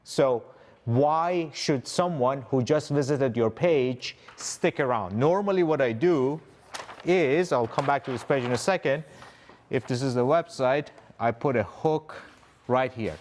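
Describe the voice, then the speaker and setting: Slow, methodical male instructor. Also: medium pitch, darkish tone, a little hiss or hum. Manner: slow, methodical, numbered steps. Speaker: co-host, instructor. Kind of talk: live-stream teaching.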